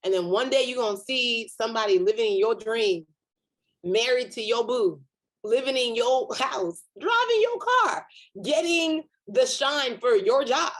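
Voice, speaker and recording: Woman guest, comedian and author, lively storyteller, a bit high. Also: measured pace. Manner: animated storyteller, acts out inner voices with big pitch jumps. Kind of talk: virtual panel conversation.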